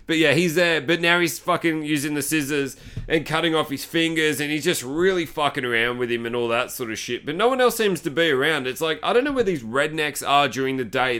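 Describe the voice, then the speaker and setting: Bright-voiced sweary man recapping a movie. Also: mid-range voice. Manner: profane, sarcastic, rambling. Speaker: movie reviewer. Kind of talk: casual recap while watching a film.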